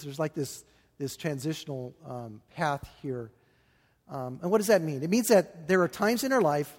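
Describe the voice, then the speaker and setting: A man preaching a sermon as pastor, earnest and halting, often restarting his phrases with fillers. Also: sits high, darkish tone. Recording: long hall reverb.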